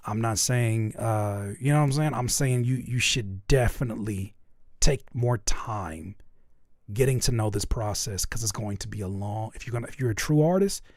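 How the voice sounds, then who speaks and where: A man's voice: on the low side, no echo, studio quality. A man hosting a live music feedback stream, giving frank, profane advice and playing up joking mock outrage at the chat. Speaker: host reviewing music live.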